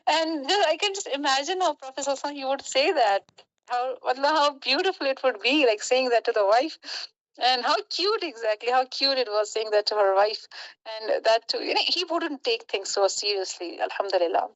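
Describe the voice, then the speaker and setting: A young woman giving an earnest, animated religious talk, telling stories in a mix of English and Hindi. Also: high-pitched, brisk, no echo, muffled recording. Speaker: Islamic lecturer.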